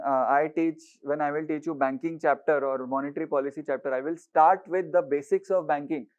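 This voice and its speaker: A man with an Indian English accent lectures on economics in a fairly high voice, acting out haggling sellers and checking in with "right?". The sound is dull and lo-fi. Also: a little mellow. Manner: explains with everyday market stories, acts out haggling sellers; mixes Hindi words into English, asks "right?" often. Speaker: economics teacher. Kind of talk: online exam-prep lecture.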